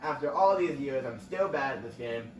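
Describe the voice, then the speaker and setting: A man's voice: mid-range voice, expressive, moderate pace, a little hiss or hum. Young man chatting over a game. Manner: rambling, chatty, reacting to gameplay. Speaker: gaming channel host. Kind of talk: casual let's-play commentary. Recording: roomy, distant mic with faint ambience.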